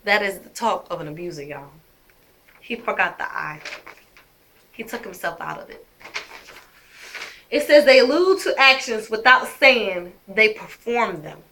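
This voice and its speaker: Woman vlogger with a bright, pointed voice, addressing her viewers emphatically and with indignation. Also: medium pitch, expressive, a little slow, pauses often, a little hiss or hum. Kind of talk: personal storytelling to camera.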